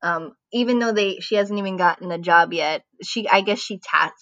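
A woman's voice: medium pitch, moderate pace, a bit bright, no echo. A woman co-hosting a podcast, recapping a show in casual, chatty talk full of "like". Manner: chatty, lots of "like". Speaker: podcast co-host. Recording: dull, dry lo-fi recording.

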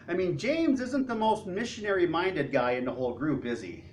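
Male pastor, lively sermon delivery, voice a touch high, heard from afar with faint room hum. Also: moderate pace. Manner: animated, conversational preaching with acted quotes. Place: church sanctuary. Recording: distant mic with faint room noise.

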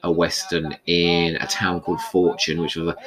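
A man's voice: low-pitched, level tone, normal speed, fairly bright tone, low-quality recording. A man giving a casual, rambling commentary on an old episode, thinking aloud as he goes.

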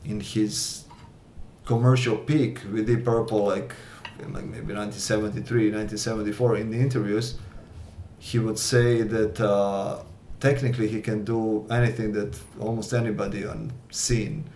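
A man's voice: fairly low pitch, little pitch movement, normal speed, a little mellow. Man talking music in an echoey room. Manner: hesitant, many fillers and restarts. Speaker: podcast co-host. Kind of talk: casual chat about rock music. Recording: echoey room with faint noise.

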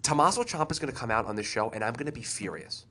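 A man co-hosting a podcast in casual chat, teasing and excitable. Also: medium pitch, fast. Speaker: podcast co-host.

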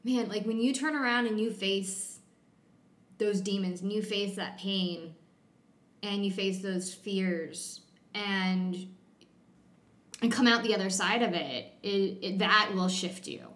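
A woman's voice: medium pitch, fairly even intonation, slow pace, a bit bright. A woman hosting an interview, thoughtful and affirming, searching for her words as she reflects. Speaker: podcast host, interviewer. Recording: roomy echo.

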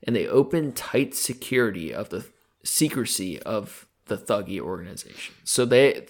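A man co-hosting a casual podcast in a studio, talking in a laid-back, profane way and often trailing off quietly at the ends of thoughts. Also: lowish voice. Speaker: podcast co-host. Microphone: studio microphone.

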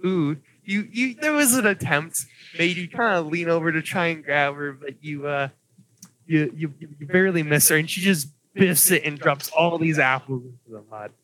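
A man's voice: fairly high pitch, normal speed, a bit bright, low-quality recording. A young man narrating as game master of a tabletop game, hesitant and nervous, with many fillers.

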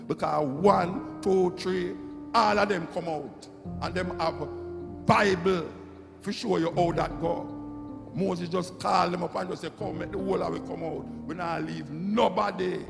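A middle-aged Jamaican man with a high, gravelly voice delivers a passionate, preachy monologue, repeating phrases to hammer home his points. He is recorded in an echoey hall with loud music.

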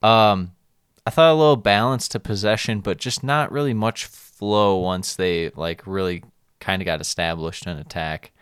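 A man's voice: low-pitched, normal speed, a bit bright, smooth, no room sound, clean studio sound. A man co-hosting a sports podcast, chatting casually and a bit rambly about matches, laughing often. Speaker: podcast co-host.

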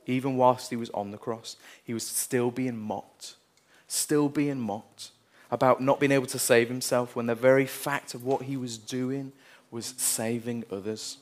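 A man's voice: medium pitch, fairly even intonation, a little slow. A man preaching a sermon, earnest, reading scripture passages with rising intensity.

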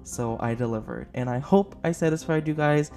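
A man's voice: on the high side, normal speed, dark tone, faint music behind. A man hosting a casual podcast film review, rambling and gushing with many fillers, tired and up late. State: short on sleep, up late. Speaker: podcast host.

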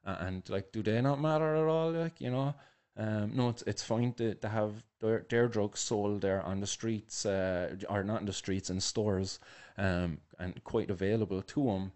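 A young man hosting a podcast, giving casual, sarcastic commentary in a halting way with many fillers and restarts. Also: lowish voice, darkish tone, smooth. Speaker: podcast host.

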